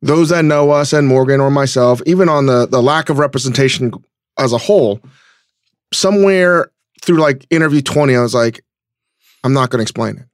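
A man's voice: mid-range voice, moderate pace, no room sound, studio quality. A man hosting a podcast interview, talking in a loose, conversational way and thinking aloud with restarts. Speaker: podcast host. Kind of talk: casual interview chat.

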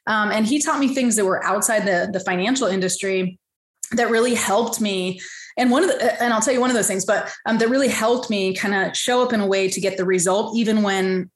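Fast-talking animated woman in echoey room. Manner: animated, acts out quotes in high voices. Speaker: podcast guest, financial advisor. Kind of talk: casual storytelling interview.

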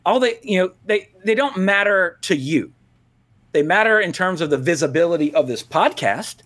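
His voice sits high and sounds expressive and fairly bright, at a normal speed. This Louisiana man co-hosts a podcast, drifting through tangents in loose, rambling chat, often laughing and starting his sentences over.

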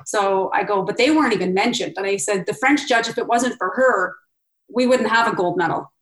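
A woman's voice: mid-range voice, fairly quick, reverberant, rough recording. A middle-aged woman guest telling a personal story in an interview, acting out what she and others said. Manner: animated, quotes herself and others in lively asides.

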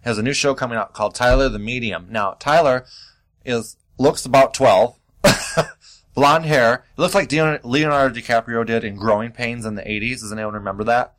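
A man hosting his own podcast, talking in a sassy, animated way with big jumps in pitch. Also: moderate pace, low-quality recording. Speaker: podcast host. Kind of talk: casual solo podcast monologue.

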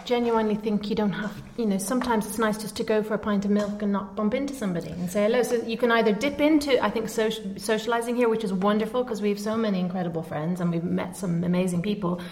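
A woman's voice: mid-range voice, quick pace, few pauses, darkish tone. Chatty, reflective woman in casual talk. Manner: chatty, laughs often, reflective. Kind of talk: casual chat.

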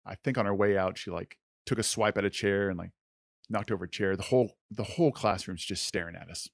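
Man, podcast co-host, earnest storytelling, lowish voice, dry close sound. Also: fairly quick, creaky, no room sound. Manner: earnest, conversational, many "like" fillers.

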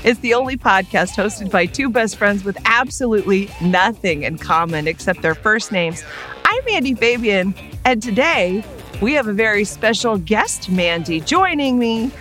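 A woman's voice: medium pitch, expressive, moderate pace, a bit bright, faint music behind. A woman co-hosting a casual podcast, bubbly and giggly, gushing and joking as she chats. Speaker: podcast co-host.

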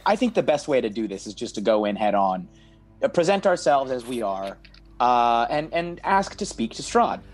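A player in a tabletop game who talks excitedly and goes off on tangents. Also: medium pitch, normal speed, faint music behind.

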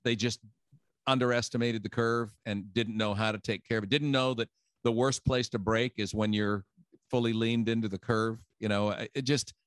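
A man's voice: fairly low pitch, normal speed, no echo. A middle-aged man, telling a story in casual chat and acting out the voices of people he quotes. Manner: animated, acts out quotes with laughs. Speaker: guest.

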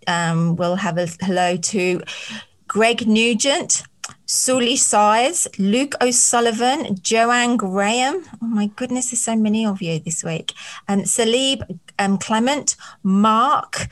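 A woman's voice: a little high, slow. A woman from England with a Birmingham accent, co-hosting a podcast in casual chat, giggly and teasing. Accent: Birmingham English. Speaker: podcast co-host.

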